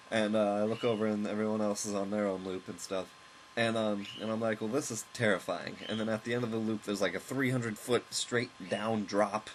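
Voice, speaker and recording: Low-voiced man rambling through a story. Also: a little hiss or hum, low-quality recording. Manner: rambling, with chuckles and asides to the game. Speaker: let's play host. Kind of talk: casual storytelling over gameplay commentary. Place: at home, with a loud pet bird nearby.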